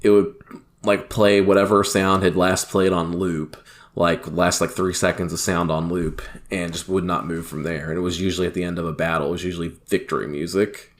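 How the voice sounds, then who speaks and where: A man's voice: low voice, little pitch movement, fairly quick. A man co-hosting a gaming podcast, telling a story in a casual, exasperated way. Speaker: podcast co-host.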